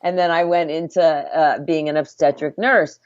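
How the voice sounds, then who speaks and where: A middle-aged woman with a lowish voice speaks as a midwife guest in a podcast interview. She tells her story earnestly and reflectively, often stopping to restart her sentences. The audio is dry and a little dull and lo-fi. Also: steady tone, normal speed, no echo. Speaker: midwife, former obstetric nurse.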